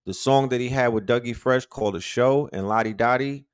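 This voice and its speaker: A man's voice: medium pitch, brisk, clean tone, no room sound, clean studio sound. A middle-aged man from Harlem, talking casually about hip hop history in a slangy, emphatic way and repeating points for emphasis. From Harlem, New York. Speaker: podcast host.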